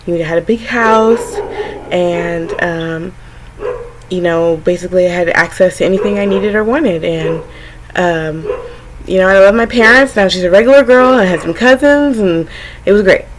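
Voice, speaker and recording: Chatty woman with a lowish voice. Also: moderate pace, background noise. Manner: rambling, filler-heavy, frank and chatty; acts out her younger self and family in quotes. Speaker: vlogger. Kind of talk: casual personal storytelling to camera.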